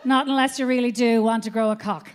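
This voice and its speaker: A woman's voice: fairly high pitch, fairly even intonation, fast talker, some chatter behind, pitched below the performer's own voice, lightly acted. An Irish woman voicing a blunt, unflappable female hormone doctor who talks in a matter-of-fact way.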